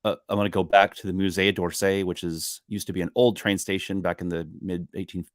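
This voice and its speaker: A man's voice: low voice, level tone, a little fast, no echo, studio quality. A man, a musician guest, chatting casually and rambling with many ums and restarts. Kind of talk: casual live-stream chat.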